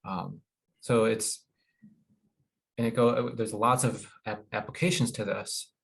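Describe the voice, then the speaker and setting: A man presenting a wellness webinar in an informal, halting way, with many fillers and restarts. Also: lowish voice, steady tone, gravelly, rough recording. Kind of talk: informal educational talk.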